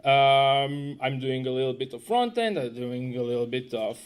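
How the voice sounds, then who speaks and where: A man's voice: mid-range voice, moderate pace, clean tone. A man presenting a technical conference talk, conversational and self-deprecating, often asking the audience questions. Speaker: conference speaker, web developer.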